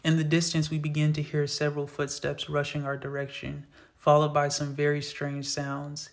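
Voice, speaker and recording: A man's voice: a little high, monotone, moderate pace, vocal fry. Man reading his own story aloud. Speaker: author reading his book. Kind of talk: storytelling narration.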